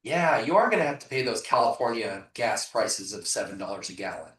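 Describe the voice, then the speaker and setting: A man coaching real estate agents in a live training, punchy and energetic, often asking rhetorical questions over a video call. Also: medium pitch, brisk. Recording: echoey room, voice far from mic.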